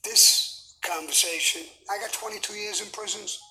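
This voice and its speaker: A man's voice: high voice, normal speed, poor audio. A man, telling blunt, profane stories as an interview guest. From United States. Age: 70s. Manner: blunt, profane, animated storytelling. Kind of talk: storytelling in a sit-down interview.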